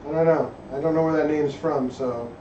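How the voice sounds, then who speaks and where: A man's voice: fairly high pitch, steady tone, brisk, mellow, a little hiss or hum. Rambling man in an echoey garage. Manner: rambling, reads chat aloud, trails off and restarts. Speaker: livestream host working on an engine. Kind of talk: casual live-stream chat while working. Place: home garage workshop. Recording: echoey garage, far from a dull mic.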